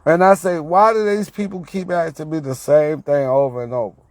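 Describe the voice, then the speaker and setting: A man's voice: a little high, steady tone, normal speed, a little mellow, no room sound. Exasperated man, close and dry. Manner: repetitive, exasperated, rises when quoting viewers. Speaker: lottery tips creator. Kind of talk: casual talk to viewers.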